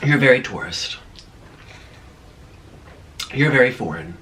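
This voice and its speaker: A man's voice: mid-range voice, animated, takes it slowly, fairly bright tone, a little hiss or hum. A man chatting casually while eating on camera, rambling and laughing at himself. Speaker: mukbang vlogger.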